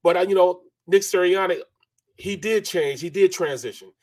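A man's voice: sits high, moderate pace. A middle-aged man hosting a sports talk show, speaking in a loose, rambling way with lots of "you know" and restarts. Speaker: sports radio host.

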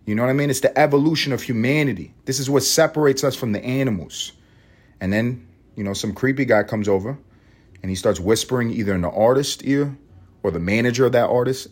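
Husky, profane podcast host ranting. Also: male voice, mid-range voice, brisk. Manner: profane, rambling, animated. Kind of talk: solo podcast rant.

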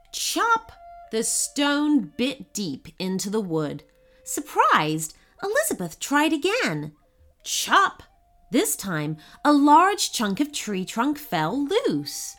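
A woman narrating a children's storybook in an unhurried, expressive way. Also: fairly high pitch. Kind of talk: storybook reading.

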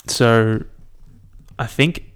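A young man talks into his podcast mic on his own, rambling casually from one thought to the next. He swears freely and pokes fun at himself in a relaxed, unscripted way. His voice sits at an ordinary middle pitch for a man. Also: extremely slow, smooth. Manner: rambling, swearing, self-mocking. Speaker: podcast host. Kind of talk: casual solo podcast chat.

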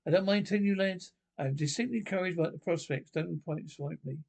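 A bossy drill sergeant, middle-aged, barks orders, kinda high voice. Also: male voice, gravelly, darkish tone. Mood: stern. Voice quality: brisk barking commands. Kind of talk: 1950s British film comedy acting.

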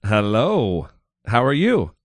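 Profane joking podcast host, dry studio sound. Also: male voice, medium pitch, wildly swooping pitch, takes it slowly, no room sound. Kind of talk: casual podcast chat.

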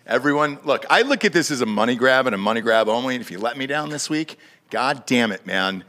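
A man's voice: mid-range voice, lively intonation, brisk, a bit bright. A man co-hosting a golf betting podcast, talking in a casual, exasperated way with swearing. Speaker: podcast co-host.

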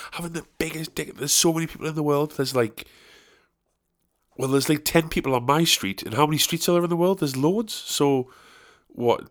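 A man's voice: mid-range voice, a bit bright. A young man hosting a solo podcast, rambling casually with crude, self-mocking jokes. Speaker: podcast host.

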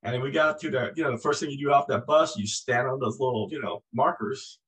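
A man in his sixties, a former Marine guest, telling stories in a lively, conversational way and acting out the voices in his anecdotes. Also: medium pitch, fairly quick, rough recording. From United States. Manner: animated storyteller, acts out voices in anecdotes. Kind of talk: conversational storytelling.

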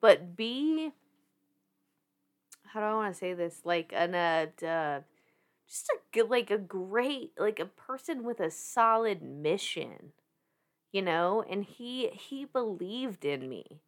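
A woman in her thirties with a Southern US accent, telling a story as a podcast guest in a casual, animated way, laughing often, swearing and restarting her sentences. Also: mid-range voice, takes it slowly.

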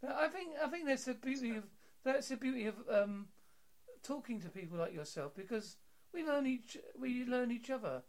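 A man's voice: very high-pitched, lively intonation, normal speed. A British man hosting an interview, chatting in a jokey, easygoing way with frequent stammered restarts. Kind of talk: casual interview chat.

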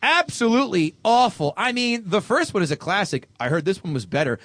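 A man's voice: high-pitched, lively intonation, brisk, a bit bright, no room sound. A man co-hosting a comedy film podcast, reading reviews aloud with mock dramatic emphasis.

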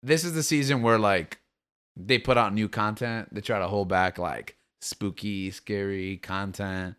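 A man chatting casually as a podcast co-host, easygoing and quick to chuckle. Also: lowish voice, expressive, fairly bright tone. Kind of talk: casual chat.

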